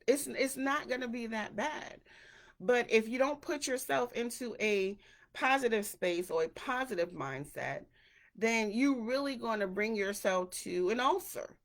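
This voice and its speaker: A woman hosting a casual solo podcast, chatty and animated, who acts out the voices of people she quotes. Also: fairly high pitch, measured pace. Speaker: podcast host.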